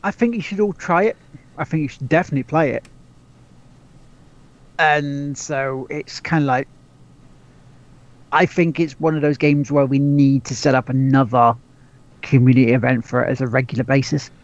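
A man's voice: medium pitch, fairly even intonation, normal speed, long pauses. A man co-hosting a gaming podcast, chatting casually and rambling upbeat through restarts. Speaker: podcast co-host. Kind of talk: casual chat. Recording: muffled lo-fi mic.

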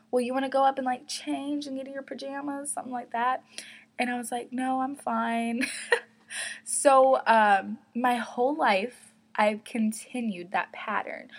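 A teenage girl hosting her own podcast, talking casually and openly, laughing often and filling her talk with likes and ums. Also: medium pitch. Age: teens. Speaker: podcast host. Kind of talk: casual solo podcast chat.

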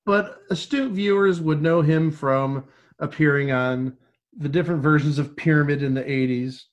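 Man, slightly high voice, wry jokes, casual podcast co-host. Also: normal speed, lo-fi sound. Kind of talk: casual chat about old TV.

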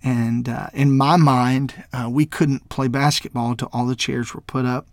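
A man from Mississippi who serves as a minister, sharing a personal testimony in a halting way, with many fillers and restarts, and growing emotional and tearful at times. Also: medium pitch, level tone, dry recording.

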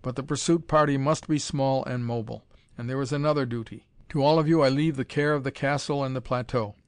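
A man reading an audiobook, voicing a bold young male adventurer in a firm, steady way close to his own voice. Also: mid-range voice, brisk, smooth, no echo, natural voice. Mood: resolute.

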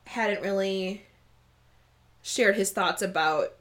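A woman's voice: mid-range voice, slow pace, a bit bright. A woman co-hosting a casual book discussion, giggly and enthusiastic as she goes through her notes. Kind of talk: casual chat.

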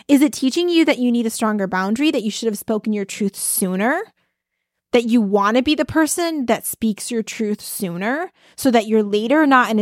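A woman's voice: on the high side, no echo, studio quality. A woman host telling a personal story in a casual motivational talk, chatty and addressing listeners as y'all. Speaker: podcast host and life coach.

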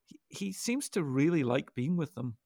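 A man's voice: on the high side, very animated, normal speed, gravelly, dark tone, dry recording, clean studio sound. A man, co-hosting a Bible discussion and explaining his thinking at length, often restarting his sentences. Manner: thoughtful, explanatory, with frequent restarts. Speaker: co-host of a Bible discussion podcast. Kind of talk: casual discussion.

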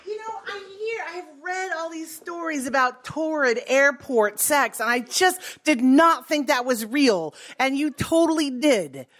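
A woman's voice: sits high, expressive, measured pace, few pauses, fairly bright tone, slight background noise. A woman hosting a live stage show, chatting playfully between stories. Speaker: host.

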